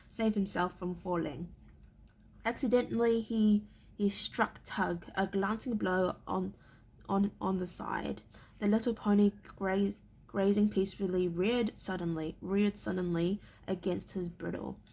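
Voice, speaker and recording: A woman reading a novel aloud in a halting way, often stumbling and repeating words. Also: mid-range voice, gravelly, darkish tone, slightly rough. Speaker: reader.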